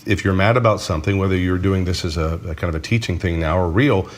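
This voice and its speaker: A middle-aged man with a fairly low voice, teaching as a counselor in a relaxed faith conversation. He talks in a loose, animated way and slips into quick acted-out dialogues. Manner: animated, acts out little dialogues. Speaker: counselor co-host.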